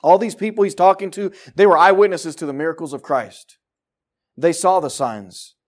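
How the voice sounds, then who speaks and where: Fervent high-voiced male preacher. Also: moderate pace. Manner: fervent, swinging from quiet to loud. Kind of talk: sermon.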